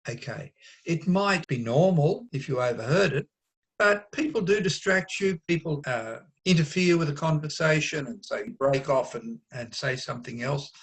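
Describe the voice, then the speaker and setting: A man giving an online lesson on writing dialogue, explaining in an easygoing way and sometimes acting out quick bits of overheard chatter. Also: a little high. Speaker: writing teacher.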